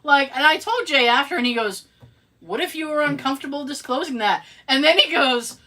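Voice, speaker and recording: A high-pitched, fairly quick woman's voice belongs to a podcast co-host telling a story in casual chat. She's animated and sarcastic, slipping in asides and acting out what people said.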